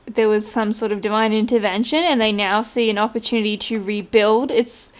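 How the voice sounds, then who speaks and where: A woman giving a casual tarot reading, chatty and quick to laugh. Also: mid-range voice, steady tone. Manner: chatty, laughs often, mimics voices in quotes. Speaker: tarot reader.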